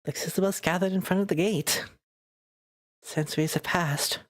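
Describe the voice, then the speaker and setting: A woman's voice: on the low side, steady tone, normal speed. Giggly woman streamer reading a dating game. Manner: giggly, chatty, reads narration and lines aloud.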